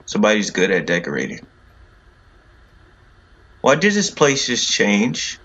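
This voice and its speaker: A man's voice: lowish voice, huge pitch swings, a little slow, fairly bright tone, breathy edge. A man giving casual let's-play commentary on a horror game, jittery and repeating himself over and over. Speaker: gaming video creator.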